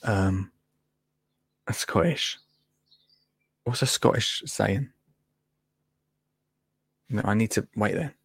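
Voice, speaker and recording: A man's voice: lowish voice, slow pace, creaky, long pauses, fairly bright tone, breathy edge, no room sound. Chatty man, dry close sound. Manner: chatty, laughs often, easily sidetracked. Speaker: gardening presenter on a live stream. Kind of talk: casual live chat.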